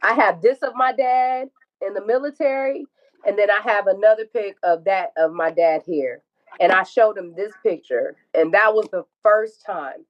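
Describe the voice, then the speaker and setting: A woman's voice: mid-range voice, moderate pace, dull audio. A woman telling an emotional personal story, acting out dialogue and swearing freely. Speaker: guest telling her story.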